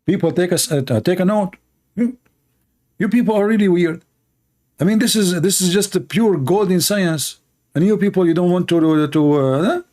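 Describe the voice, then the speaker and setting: A man's voice: high-pitched, moderate pace, a little mellow. A man whose first language is Arabic, with an Arabic accent, hosting his show and mocking a clip in sarcastic, playful commentary. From Middle East. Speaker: show host reacting to a clip.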